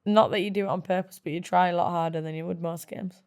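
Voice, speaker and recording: A woman's voice: fairly low pitch, fairly even intonation, fast talker, a little mellow, smooth. Woman hosting a casual chat show. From northern England. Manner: friendly, curious questioning. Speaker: host.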